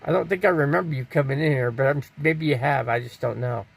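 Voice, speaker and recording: A man's voice: mid-range voice, fast, vocal fry, slightly rough. An older man from Arizona hosting a live stream, rambling casually and answering viewers' chat comments aloud. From Scottsdale, Arizona.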